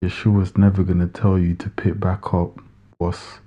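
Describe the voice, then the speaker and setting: A man's voice: low voice, level tone, a little slow, warm tone, breathy edge. A man giving earnest, insistent commentary as he reacts to a video clip. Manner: earnest, insistent, repeats for emphasis.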